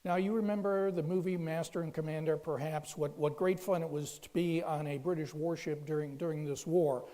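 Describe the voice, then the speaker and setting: A man's voice: a little high, fairly even intonation, fairly quick, few pauses, mellow. A man giving a public history lecture in a storytelling way, with frequent restarts and fillers. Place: lecture hall. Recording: long hall reverb.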